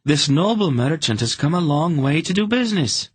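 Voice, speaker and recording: A shrill greedy young woman, as a man puts her on. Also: expressive, moderate pace, husky, dry recording. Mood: scornful. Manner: shrill, pleading.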